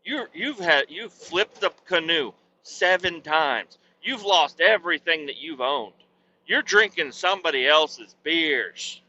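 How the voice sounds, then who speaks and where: A man's voice: fairly high pitch, expressive, unhurried, pushed and bright, dull audio, a little hiss or hum. A man hosting a podcast and telling a rowdy, profane, rambling comic story. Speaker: podcast host.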